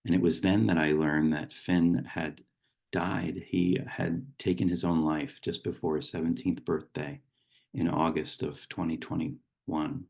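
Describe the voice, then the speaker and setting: Low, gravelly-voiced man giving a reflective talk. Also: fairly even intonation. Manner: gentle, unhurried, with small restarts. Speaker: meditation teacher.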